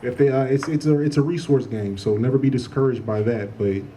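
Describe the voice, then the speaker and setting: Mellow-voiced male moderator, rambling. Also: medium pitch, fairly quick, a little hiss or hum. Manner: conversational, rambling with uhs. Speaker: panel moderator. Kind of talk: panel moderation and advice. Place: panel at a college event.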